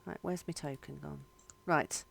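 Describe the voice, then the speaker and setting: A woman's voice: low voice, creaky, slight background noise. A woman, running a tabletop game as game master in a chatty, laughing way. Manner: lively, chatty, quick to laugh.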